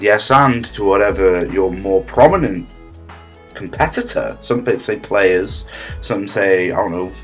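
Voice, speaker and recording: A man delivering a comedy monologue as a smug, self-important improv teacher, rambling with many fillers and restarts. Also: lowish voice.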